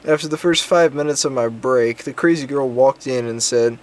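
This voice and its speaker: A man's voice: medium pitch, normal speed. A young man telling work stories on his vlog in a casual, rambling way, swearing often and trailing off into ums and restarts. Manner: profane, rambling, crude jokes. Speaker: vlogger.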